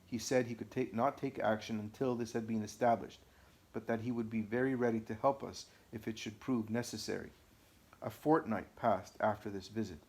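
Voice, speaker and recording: A man narrating a first-person account as an audiobook, measured and deliberate. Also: fairly low pitch, steady tone, darkish tone.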